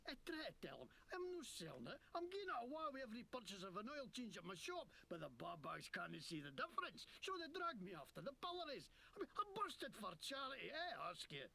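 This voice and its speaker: An actor playing a foul-mouthed male shopkeeper crook in a video game, with a put-on Scottish accent and a gravelly, indignant voice. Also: very high voice, wildly swooping pitch, quick pace, hardly any pauses, sharp tone, full character voice. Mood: excusing. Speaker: game character.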